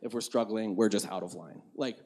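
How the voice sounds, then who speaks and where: Young man preaching in a mellow voice. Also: fairly low pitch, fairly even intonation, a little fast. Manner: conversational, candid, acts out his own inner dialogue. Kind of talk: sermon.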